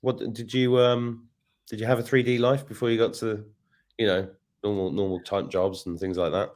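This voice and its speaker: Deep-voiced male podcast host. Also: flat delivery, darkish tone. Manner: halting questions with fillers. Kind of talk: casual interview chat.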